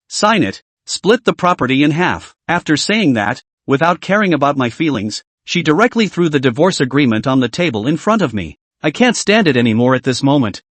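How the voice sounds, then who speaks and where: A man reading a comic recap as a first-person story, in short steady phrases. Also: a little high, dry recording. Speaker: recap narrator.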